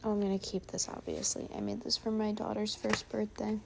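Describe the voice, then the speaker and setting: A woman chatting casually as she sorts through her things, musing and thinking aloud, sometimes dropping to a soft whisper. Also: medium pitch, level tone, brisk, gravelly, background noise. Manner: drops to a soft whisper at times. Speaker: sewing vlogger. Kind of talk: casual narration while sorting.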